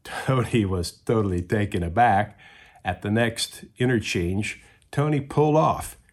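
Low husky guy preaching, tells stories and does the voices. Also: measured pace. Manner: storytelling, acts out quoted voices. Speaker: pastor. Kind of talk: sermon.

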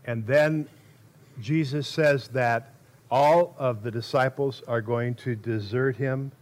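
A man preaching a sermon, telling the story in an animated way and acting out quotes loudly, with short laughs between phrases. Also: medium pitch, slow pace.

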